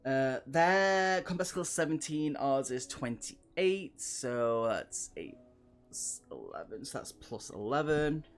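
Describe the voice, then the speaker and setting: A man's voice: medium pitch, sing-song, takes it slowly, faint music behind. A man streaming a gamebook playthrough, reading aloud and chatting with viewers, laughing often. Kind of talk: live-stream reading and chat.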